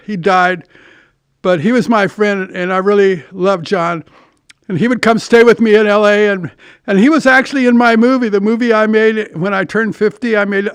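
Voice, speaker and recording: Older man, podcast host, high voice, rambling casual stories, smooth tone. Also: fairly bright tone, no room sound, studio quality. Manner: rambling anecdotes with restarts and profanity. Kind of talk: casual storytelling monologue.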